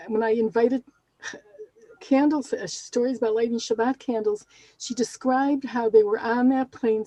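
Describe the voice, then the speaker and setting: A woman's voice: on the high side, dark tone, no room sound, low-quality recording. A woman who directs a theater group, telling a story earnestly and unhurriedly on a video call.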